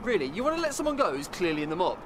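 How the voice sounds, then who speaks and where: Brief: a man as a playful, needling mate, high and animated, outdoors with street noise. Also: rapid-fire.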